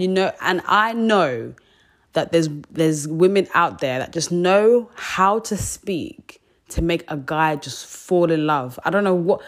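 A young woman with a notably low voice chats on her podcast. Her talk is frank and loose, full of slang and filler words. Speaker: podcast host. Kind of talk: casual chat.

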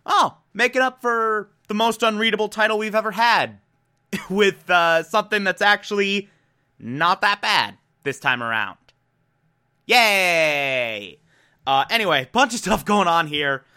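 A young man hosting a casual show, recapping an episode in an animated, emotional way with free swearing and loud rants. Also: high voice, moderate pace. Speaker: podcast host recapping a TV episode.

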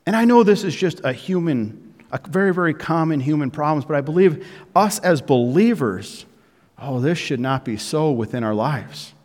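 A pastor giving a sermon to his congregation, building emphasis with frequent pauses. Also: fairly high pitch, lively intonation, a little mellow. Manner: preaching with rising emphasis and pauses, addressing the congregation. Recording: echoey hall with long reverb.

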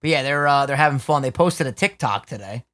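This young podcast co-host has a medium-pitched, expressive voice, brisk and fairly bright. He chats at a studio desk into the mic, swearing and cracking crude jokes on the casual show.

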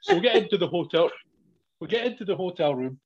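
A man's voice: expressive, fast, slightly rough. A man telling a story in casual chat, swearing often and laughing as he goes. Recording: dull, low-fidelity recording.

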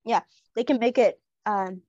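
A woman's voice: fairly high pitch, a little slow, darkish tone, dry recording, muffled recording. A woman co-hosting a podcast, chatting enthusiastically about a TV episode and quoting its characters. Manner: enthusiastic, laughs, quotes characters. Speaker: podcast co-host. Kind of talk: casual chat.

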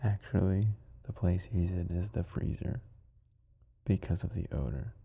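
A man with a low, gravelly, slightly husky voice drifts through a sleep podcast recap, rambling and sometimes sinking to a whisper. The recording sounds somewhat dull and muffled. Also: unhurried. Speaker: podcast host.

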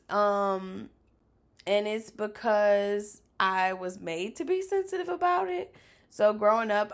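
A woman from South Louisiana hosting a casual podcast in an unhurried, measured delivery. Her voice has a gravelly, fry-heavy texture. She is candid, swears freely and laughs often. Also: medium pitch. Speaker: podcast host.

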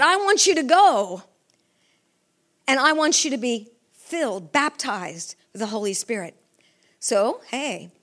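A middle-aged woman with a high, slightly bright voice preaches a fervent sermon, putting questions to the congregation.

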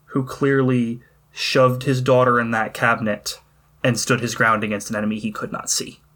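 A man running a tabletop game as game master, narrating scenes in a measured, descriptive way. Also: medium pitch, little pitch movement, fairly bright tone. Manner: measured descriptive storytelling with occasional fillers.

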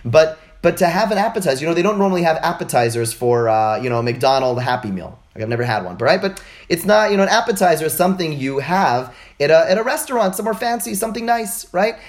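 Animated man teaching on a call. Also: on the high side, quick pace. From United States. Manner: animated, asks and answers rhetorical questions. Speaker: teacher of religious texts. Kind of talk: informal lecture on a call. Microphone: video call.

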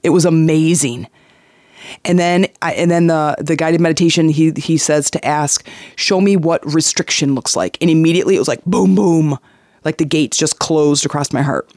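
A man's voice: fairly high pitch, moderate pace, no room sound, clean studio sound. A man hosting a motivational podcast as a life coach, speaking earnestly and repeating key phrases for emphasis. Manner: animated storytelling with acted-out voices.

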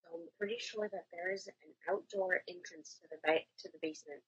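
A woman's voice: on the low side, a little fast, breathy edge, muffled recording. A woman playing a tabletop game, chatting casually and restarting often. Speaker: player. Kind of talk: tabletop role-play.

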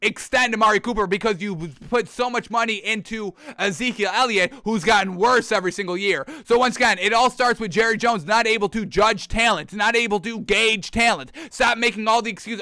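A man rants through a sports talk segment in a high, bright voice. He sounds exasperated and keeps calling his listeners folks. His voice is smooth and clear on a dry, close mic. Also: fairly quick, few pauses, dry recording. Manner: exasperated, ranting, mocking voices in quotes. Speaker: sports talk show host. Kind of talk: opinionated sports rant.

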